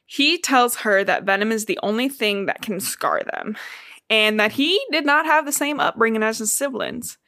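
A woman's voice: fairly high pitch, moderate pace, sharp tone, no echo. A woman with a Midwestern American accent, co-hosting a casual book podcast, chatty and swearing freely. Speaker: podcast co-host.

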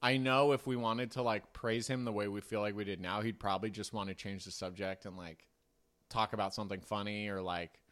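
A man's voice: on the low side, fairly even intonation, brisk, a bit bright. A man chatting casually, rambling with many fillers and acting out quotes. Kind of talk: casual chat.

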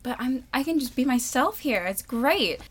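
In a casual interview, a young American stage actress with a high, expressive voice speaks at a moderate pace, candid and quick to laugh, with a touch of hiss or hum in the background.

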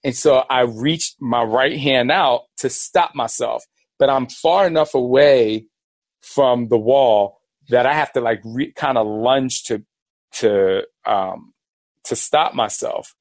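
A man hosting a podcast, telling a personal story in a rambling, animated way and acting out the voices of people in it. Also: mid-range voice, slow, no echo. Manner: animated, rambling, acts out quoted dialogue. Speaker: podcast host. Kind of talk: casual storytelling.

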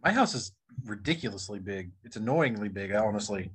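A man's voice: lowish voice, expressive, a little fast, a bit bright, husky. Easygoing man at the game table. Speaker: player. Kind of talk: tabletop role-play.

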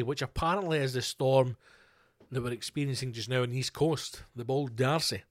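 A Scottish man hosting his own podcast from a home studio, rambling casually and swearing freely. His voice sits at a middle pitch. The microphone sounds close and dry. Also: normal speed, dry recording. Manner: chatty, sweary and animated, prone to ranting. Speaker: podcast host.

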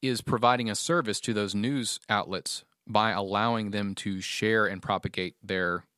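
A lower-pitched man chatting casually as a podcast co-host, halting and filling his pauses as he works through a point. The recording is close and dry, with no room sound. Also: steady tone, pushed and bright, clear, resonant tone, no echo. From Tennessee, USA. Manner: hesitant, many fillers and restarts. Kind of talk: casual chat.

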